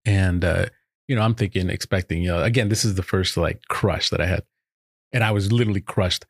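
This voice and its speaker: A man telling a rambling, animated story in casual chat, laughing often. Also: sits low, a little fast, husky, no room sound, studio quality.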